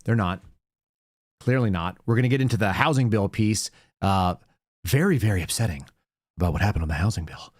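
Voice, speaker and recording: A man's voice: fairly low pitch, lively intonation, brisk, pauses often, dry recording, studio quality. A man hosting a political commentary show, ranting with sarcastic asides. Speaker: show host.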